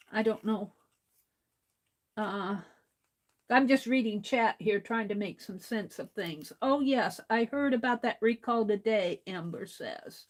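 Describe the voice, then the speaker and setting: A woman with a fairly high pitch hosts an art livestream, chatting casually while she draws. She reads viewer comments aloud and laughs easily.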